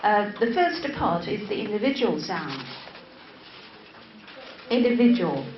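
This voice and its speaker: An unhurried woman English teacher from China lectures a class, repeating her key words and asking students to confirm. The recording is dull and lo-fi, in an echoing room, with a faint hum of ambience behind her. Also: medium pitch, big pitch swings. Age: 50s.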